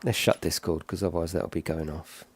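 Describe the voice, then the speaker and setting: A man's voice: low-pitched, steady tone, fairly quick, breathy edge. A middle-aged man giving casual, rambling game commentary full of tag questions. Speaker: gaming channel host.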